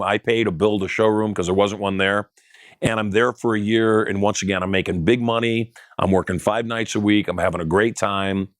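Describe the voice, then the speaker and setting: A middle-aged man, a guest on an interview show, telling his business story in an animated way and acting out the dialogue. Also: fairly low pitch, dry recording, studio quality.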